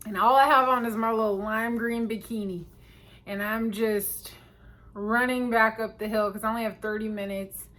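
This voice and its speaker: A woman telling a true story in a casual storytime vlog, animated and emphatic, her volume swinging between loud and hushed. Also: medium pitch.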